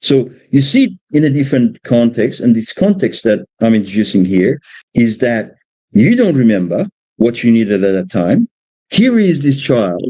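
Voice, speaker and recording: A man from Australia, a father, speaking informally about raising children, halting and repeating words as he tells stories about his young son. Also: mid-range voice, very animated, mellow, no room sound, rough recording. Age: adult parent of a two-year-old. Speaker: speaker giving a religious exposition on parenting. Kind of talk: informal talk with personal stories.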